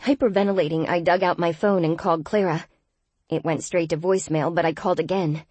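A woman narrates a first-person audiobook in a tense, expressive reading. Her voice is low and husky, recorded close in a dead-dry studio. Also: a little fast, dry recording.

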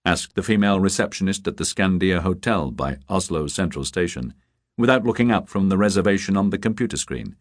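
A man narrating a novel as an audiobook, measured and expressive. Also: low-pitched, dry recording, clean studio sound. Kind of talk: scripted narration.

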